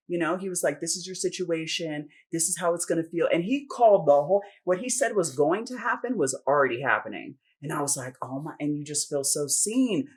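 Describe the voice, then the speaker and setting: A woman hosting a podcast, telling a personal story in candid casual chat, swearing often and acting out what people said. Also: fairly low pitch. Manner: profane, animated storytelling with acted-out quotes. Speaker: podcast host.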